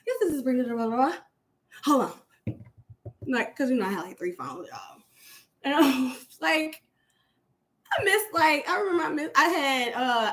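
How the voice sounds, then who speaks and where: A woman chatting casually on her own livestream, telling animated stories full of slang and swearing. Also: fairly high pitch. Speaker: live stream host.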